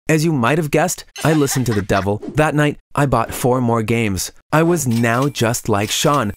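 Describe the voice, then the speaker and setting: A man in first-person scripted narration of an animated story, steady with sudden lifts in pitch. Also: moderate pace, few pauses, faint music behind.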